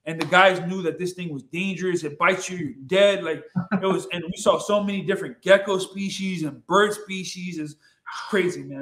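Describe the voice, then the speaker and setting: A high-pitched man tells his story as a podcast guest. He talks in an excitable, rambling way, swearing freely and repeating phrases. The recording has a noticeably roomy echo. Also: moderate pace. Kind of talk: casual storytelling.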